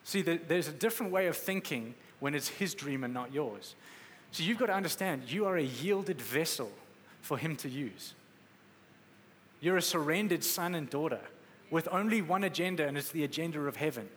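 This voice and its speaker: Emphatic preacher in an echoey hall. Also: male voice, a little high, lively intonation, normal speed, fairly bright tone, slight background noise. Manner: emphatic, conversational preaching with acted-out quotes. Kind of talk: sermon. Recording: echoey hall with faint ambience.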